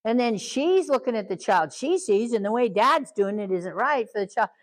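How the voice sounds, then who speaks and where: A woman's voice: fairly high pitch, expressive, normal speed, poor audio. An older woman teaching a parenting class in a chatty way, laughing often and acting out what children and parents say. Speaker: parenting trainer. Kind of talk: casual teaching talk.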